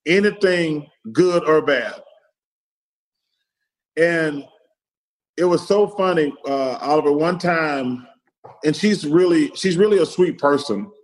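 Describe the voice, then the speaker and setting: A man's voice: fairly high pitch, a little slow, low-quality recording. A middle-aged man from Alabama, telling casual stories as a podcast guest, acting out dialogue and repeating "I said". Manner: retells stories in quoted dialogue, keeps repeating "I said". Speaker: podcast guest, former pro athlete. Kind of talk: casual storytelling.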